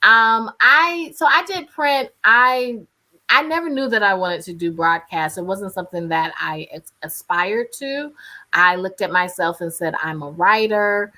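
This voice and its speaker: Bright-voiced North Carolina woman. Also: mid-range voice, expressive, unhurried. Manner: candid, chatty, laughs easily. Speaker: radio journalist, interview guest. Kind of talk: casual interview talk. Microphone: video call.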